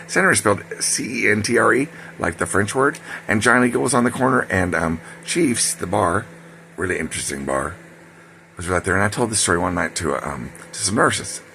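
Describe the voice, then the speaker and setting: A man's voice: lowish voice, moderate pace, vocal fry, bright, forceful tone, a little hiss or hum. An older man telling a rambling personal story, wandering off on side tracks with many ums and self-corrections.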